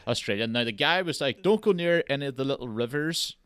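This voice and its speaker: A man hosting a podcast, telling stories in a casual, animated way and swearing freely. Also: medium pitch, fast talker, clear, resonant tone, dry recording, clean studio sound. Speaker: podcast host. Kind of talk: casual chat.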